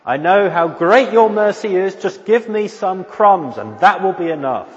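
A man's voice: medium pitch, big pitch swings, slow, a little mellow. A preacher voicing a desperate pleading mother. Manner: imploring, voice rising toward the end. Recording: dull lo-fi sound with long hall reverb.

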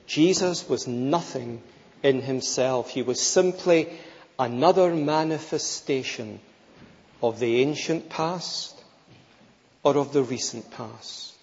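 A man's voice: medium pitch, slow pace, darkish tone. A man preaching a sermon, emphatic and rhetorical, repeating key phrases for weight. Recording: long reverb, slightly dull sound.

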